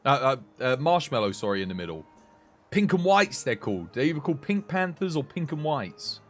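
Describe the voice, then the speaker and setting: A man's voice: mid-range voice, very animated, brisk. A British man chatting casually with his live-stream viewers, rambling and answering chat. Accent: British English. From United Kingdom.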